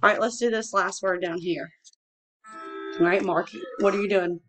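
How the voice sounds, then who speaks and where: A woman's voice: medium pitch, fairly even intonation, moderate pace, a bit bright, faint music behind. Patient woman teaching a reading lesson. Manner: patient, prompting with questions and praise.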